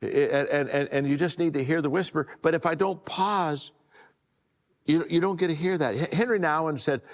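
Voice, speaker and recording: A man's voice: on the high side, normal speed, big-room sound. An older man giving a motivational leadership talk, telling folksy stories with frequent restarts and repeated words. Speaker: leadership speaker.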